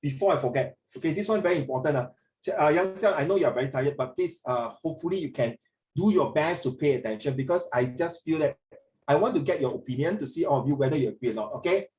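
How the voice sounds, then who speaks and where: A man's voice: a little high, lively intonation, fast talker, darkish tone, distant mic. Singaporean man, teacher, chatty Singlish, roomy echo, a bit off mic. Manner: chatty, Singlish, switches into Mandarin. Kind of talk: online class teaching.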